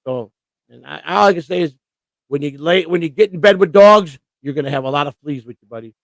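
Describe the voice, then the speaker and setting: A man's voice: fairly high pitch, fairly quick, vocal fry, dry recording. A man co-hosting a casual live stream, talking bluntly and profanely in long rants. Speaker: co-host.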